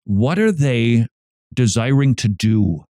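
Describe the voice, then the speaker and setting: Lively joking male radio host. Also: mid-range voice, slow, dry recording, clean studio sound. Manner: jokey, lively, acts out little scenes with voices. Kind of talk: animated radio talk. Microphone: studio mic.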